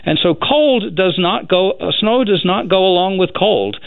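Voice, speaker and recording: A man's voice: high-pitched, lively intonation, gravelly, no room sound. Male scientist on a tinny phone line. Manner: measured, explanatory, hesitant fillers. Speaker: scientist guest. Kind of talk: explanatory interview answer.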